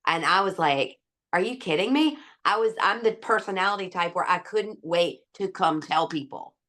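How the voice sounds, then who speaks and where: A woman's voice: on the low side, normal speed, bright, forceful tone. A woman doctor speaking as a guest in an interview, candid and emphatic, laughing easily. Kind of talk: conversational interview.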